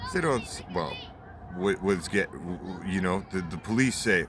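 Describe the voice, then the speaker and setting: A man's voice: low-pitched, animated, normal speed. A man in his late twenties giving a heated, swearing rant, repeating himself as he goes. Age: 20s. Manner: heated, repetitive, swears often. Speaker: vlogger. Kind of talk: angry profane rant. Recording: outdoor traffic noise.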